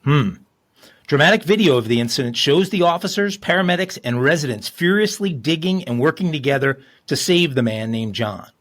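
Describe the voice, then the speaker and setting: A man's voice: a little high, lively intonation, fairly quick, a bit bright, no room sound. A man co-hosting a crime podcast, reading news stories aloud in a casual, jokey way.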